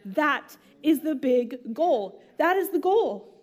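A woman's voice: high-pitched, sing-song, slow pace, darkish tone. A woman preaching a sermon in a casual, chatty way, using slang and asides. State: emotional, near tears. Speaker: pastor.

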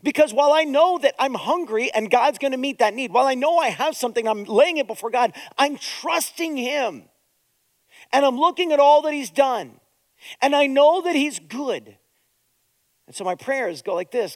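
A middle-aged man preaching a sermon as a pastor, moving between quiet, hushed prayer and loud, urgent exhortation. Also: extremely high pitch, animated, moderate pace, dry recording. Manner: preaching with strong swings between soft prayer and loud urging.

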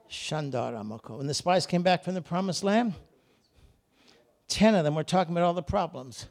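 A man preaching a lively church sermon, swinging between shouted calls and quiet, joking asides, and acting out people's voices in his stories. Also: on the high side, moderate pace. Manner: acts out characters in voices. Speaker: guest preacher. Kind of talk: Pentecostal-style sermon. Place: church service.

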